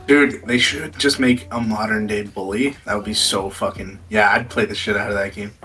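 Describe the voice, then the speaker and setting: A young man co-hosting a podcast, chatting casually and excitedly and swearing freely. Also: on the low side, moderate pace, reverberant, soft background music, poor audio. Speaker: podcast co-host. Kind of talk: casual chat.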